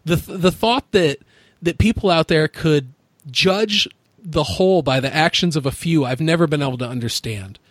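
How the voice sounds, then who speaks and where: A man's voice: a little high, normal speed, no room sound. A man hosting a podcast, telling stories frankly in casual chat and swearing freely.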